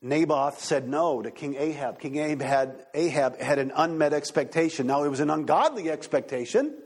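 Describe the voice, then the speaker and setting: A man preaching a sermon as pastor, excitable and animated, turning to the congregation with asides and questions. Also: fairly high pitch, normal speed, slightly rough.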